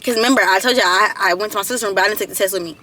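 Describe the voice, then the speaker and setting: A woman's voice: medium pitch, rapid-fire, pushed and bright. A young woman in her late teens telling a personal story to her viewers in a chatty storytime vlog, often calling them y'all and repeating herself. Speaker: vlogger.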